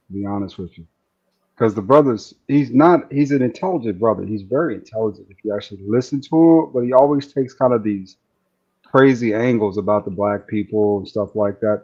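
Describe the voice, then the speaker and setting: A man, calmly analyzing other streamers in casual chat, often asking "you know what I'm saying". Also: fairly low pitch, fairly quick. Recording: dull lo-fi stream audio.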